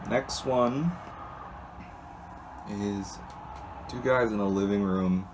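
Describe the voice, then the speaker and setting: A man's voice: on the low side, drawn-out words, long pauses, background noise. A man casually describing comics aloud in a rambling, hesitant way, with many restarts and asides. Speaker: solo video host reading comics.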